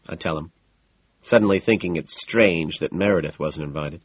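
A man narrating an audiobook in the first person, with a measured, wry delivery. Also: deep voice, breathy edge, no echo. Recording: dull, muffled audiobook recording.

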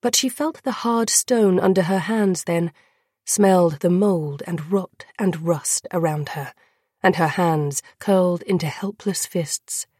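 Woman narrator, audiobook: slow, hushed, dramatic, husky and lowish. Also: no room sound, studio quality.

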